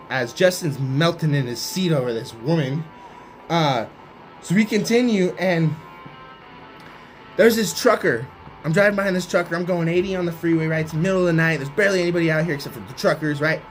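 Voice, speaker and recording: A young man telling a casual, rambling anecdote, keeps asking his listener "right?". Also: fairly high pitch. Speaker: vlogger. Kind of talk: casual storytelling.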